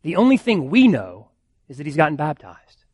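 A man's voice: fairly high pitch, wildly swooping pitch, normal speed, darkish tone, dry recording, studio quality. A man, a pastor, preaching a sermon earnestly, building emphasis with repeated phrases.

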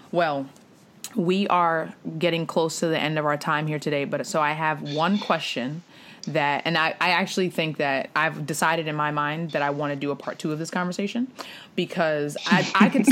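A woman hosting a podcast, praising her guests effusively with halting restarts. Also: low-pitched, a bit bright, slight background noise. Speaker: podcast host. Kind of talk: casual podcast conversation.

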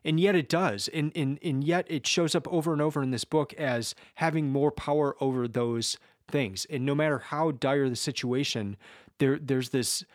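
Halting reflective man, dry close sound. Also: mid-range voice, steady tone, dry recording. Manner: halting, many repeated starts. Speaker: speaker discussing a book series. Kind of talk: casual reflective talk with read-aloud quotes.

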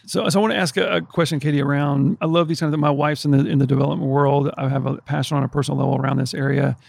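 A man with a heavily gravelly, husky voice asks questions at a fast clip. He rambles earnestly and restarts his sentences often. The recording is dry and close. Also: on the high side, flat delivery, no echo. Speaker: podcast co-host. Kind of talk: casual interview questions.

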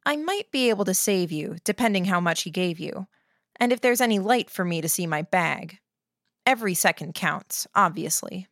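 A woman voicing a calm, clinical young woman medic who speaks in a flat, detached way. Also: fairly low pitch, normal speed, no room sound, studio quality. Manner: flat, textbook-reciting delivery.

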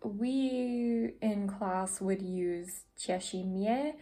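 A woman in an unhurried, chatty podcast voice, pausing often on fillers as she explains a language she is learning. She speaks at a relaxed, deliberate pace in a middling pitch, with faint music under her. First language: English. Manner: chatty, frequent fillers and self-corrections. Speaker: podcast host. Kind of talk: casual vlog-style podcast about language learning.

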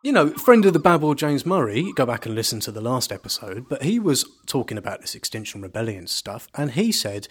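A man co-hosting a podcast, talking in a casual, jokey, animated way with casual swearing. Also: medium pitch, brisk, hardly any pauses, slightly rough. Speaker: podcast co-host. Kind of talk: casual chat.

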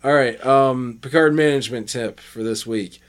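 A podcast co-host in casual chat, giggly, drawing out the words. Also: medium pitch. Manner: giggly, drawn-out speech.

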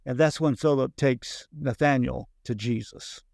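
A man's voice: mid-range voice, unhurried, gravelly, darkish tone, dry recording, clean studio sound. A man speaking earnestly in a Bible discussion, with a preacherly way of repeating himself.

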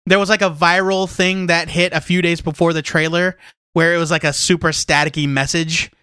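A man co-hosting a casual comics podcast, talking excitably and rambling with lots of "like". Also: a little high, fairly quick, clean tone, no echo, studio quality. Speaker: podcast co-host.

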